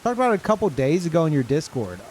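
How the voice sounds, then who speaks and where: A man streaming a game with live commentary, swearing and incredulous, jumping between loud outbursts and low mutters. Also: big pitch swings, rapid-fire, a little hiss or hum.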